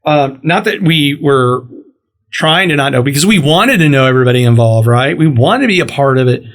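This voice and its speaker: A man's voice: mid-range voice, fairly quick. A middle-aged man hosting a podcast, telling a long story in a casual way and acting out the quoted lines of the people in it. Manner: animated storyteller, acts out quoted dialogue. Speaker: podcast host.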